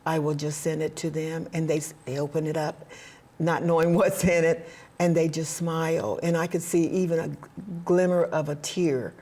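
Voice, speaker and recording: A woman guest in an interview, speaking earnestly about faith and helping others, with frequent hesitant pauses. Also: deep voice, steady tone, dark tone. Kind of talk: heartfelt conversational interview.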